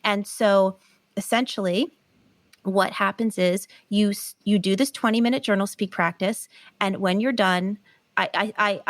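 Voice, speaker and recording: A woman guest on a podcast, explaining a healing method in an earnest, animated way. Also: mid-range voice, dry recording. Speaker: guest, pain recovery author. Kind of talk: podcast interview.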